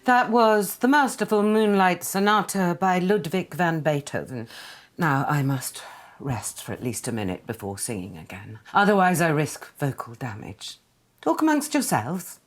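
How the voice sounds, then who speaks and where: A theatrical singer fretting over her precious voice as she hosts a quiz. She announces everything grandly and self-importantly, in a lowish voice that swoops up and down a great deal. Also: big pitch swings, moderate pace.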